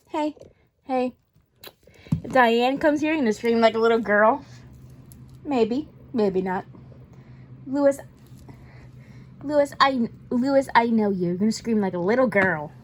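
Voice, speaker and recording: A woman's voice: fairly high pitch, slow pace, long pauses, slight background noise. A woman acting out a homemade skit, doing every voice herself, with a bickering, teasing manner.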